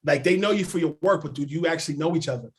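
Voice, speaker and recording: Chatty man, slightly high voice. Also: very fast, slightly rough. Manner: animated anecdotes full of "like" and "yo". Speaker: podcast guest, sports journalist. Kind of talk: casual podcast storytelling.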